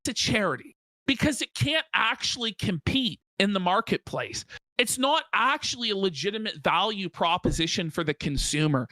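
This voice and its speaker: A man's voice: high-pitched, lively intonation, normal speed, sharp tone, no echo, low-quality recording. A man arguing heatedly in a played debate clip, lecturing his opponent. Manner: argumentative, lecturing. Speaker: debate guest.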